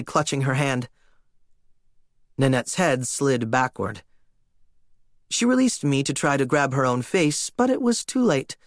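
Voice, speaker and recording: A man's voice: a little high, no room sound, studio quality. A man narrating an audiobook in the first person with a wry, theatrical delivery.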